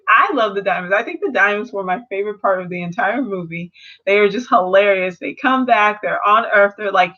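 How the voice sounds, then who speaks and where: Young woman, casual reviewer, lively storyteller, slightly dull lo-fi home audio. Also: mid-range voice, normal speed. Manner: animated, acts out characters in quotes. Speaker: video reviewer.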